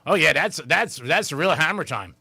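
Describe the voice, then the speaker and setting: A man's voice: fairly high pitch, animated, normal speed, creaky, bright, forceful tone, breathy edge, no echo. A man chatting casually as a radio host in a studio.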